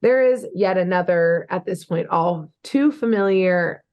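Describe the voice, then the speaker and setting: A woman's voice: lowish voice, a little slow, clean tone, dull audio. A young woman co-hosting a podcast, recapping a cartoon episode in casual, chatty talk full of fillers and laughter. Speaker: podcast co-host.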